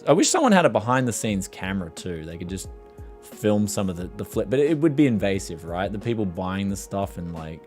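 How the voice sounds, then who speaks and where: A man's voice: deep voice, fairly quick, faint music behind. A man with a strained voice, hosting a tech livestream in rambling casual chat and reading out questions from viewers. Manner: rambling, animated, reads chat questions aloud. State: strained voice from yelling.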